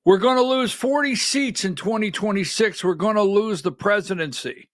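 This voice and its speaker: A middle-aged man hosting a livestreamed political commentary show, talking in an animated, rhetorical way, often asking "right?" and rising to near-shouting when worked up. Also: high-pitched, moderate pace, no room sound, studio quality. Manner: talks while fumbling with on-screen clips.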